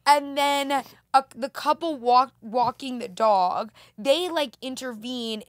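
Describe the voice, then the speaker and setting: High-voiced woman telling a story, lively. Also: slow pace, no room sound, studio quality. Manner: animated storyteller, acts out her own yelps. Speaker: podcast guest. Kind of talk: casual chat.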